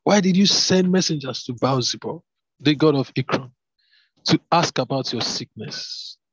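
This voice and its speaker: A man's voice: on the high side, fairly even intonation, normal speed, no room sound, pitched above the performer's own voice. A man voicing a stern, commanding male prophet in an emphatic, declaiming read. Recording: dull lo-fi, dry.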